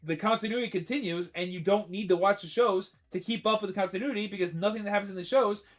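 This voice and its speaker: A man's voice: high-pitched, quick pace. Opinionated male streamer rambling on. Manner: rambling, self-correcting, opinionated. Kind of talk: casual live-stream chat.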